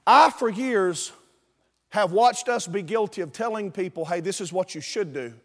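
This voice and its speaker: High-voiced preacher in a reverberant church. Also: male voice. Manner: emphatic preaching, pleading and rising to shouts. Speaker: pastor. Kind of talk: sermon. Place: church auditorium. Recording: long reverb of a church auditorium.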